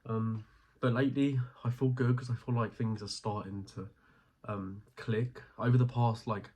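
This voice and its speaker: A man's voice: medium pitch, fairly even intonation, normal speed, darkish tone, lo-fi sound. A young man, out of breath, casually walking through his trading charts in a rambling way full of fillers. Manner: rambling, filler-heavy, self-deprecating. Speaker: forex trading vlogger. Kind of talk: casual screen-share walkthrough.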